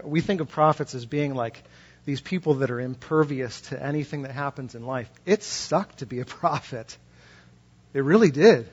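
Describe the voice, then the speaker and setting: A man with a slightly high, husky voice delivers a conversational sermon, slipping into quoted voices and rising in pitch as his point builds. The recording is dull and lo-fi. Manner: conversational, acts out quoted voices, rises in pitch when impassioned. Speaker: pastor.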